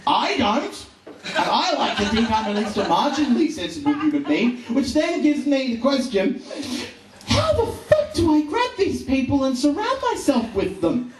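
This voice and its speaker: A man's voice: very high voice, sing-song, moderate pace, noisy background. A man in his twenties doing profane, rambling stand-up full of ums and uhs, live in a comedy venue with an audience. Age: 20s. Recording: echoey room, distant mic, crowd.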